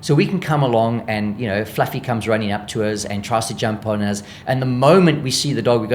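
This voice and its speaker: A man's voice: lowish voice, brisk, few pauses, slight background noise. South African man explaining dog training. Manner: lively, acts out dog thoughts in voices. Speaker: animal behaviourist guest. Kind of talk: explanatory interview talk.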